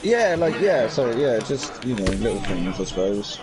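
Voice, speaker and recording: A man's voice: fairly low pitch, very animated, normal speed, over music. Laid-back teasing man in voice chat. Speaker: gaming party friend. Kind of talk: casual voice chat.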